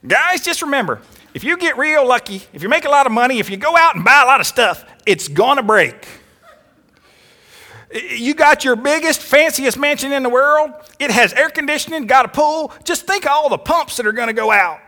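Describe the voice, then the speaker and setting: Folksy old billionaire, put on by a preacher, drawling, raised and fairly high. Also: male voice, expressive, brisk, pushed and bright, full character voice. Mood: folksy warning. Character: folksy short wealthy older Texan billionaire man.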